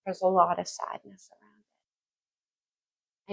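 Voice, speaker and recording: A woman with a husky, gravelly voice reads tarot cards in a loose, chatty way. She thinks out loud as she turns each card over and sometimes half-sings a line. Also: medium pitch, a little slow, rough recording. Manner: chatty, thinks aloud, sings lyrics softly. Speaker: tarot reader. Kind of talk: casual tarot reading.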